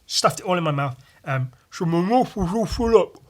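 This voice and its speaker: A man's voice: high voice, expressive, moderate pace. Rambling, profane young man. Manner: profane, meandering, wry and full of fillers. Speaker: podcast host. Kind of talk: rambling solo storytelling.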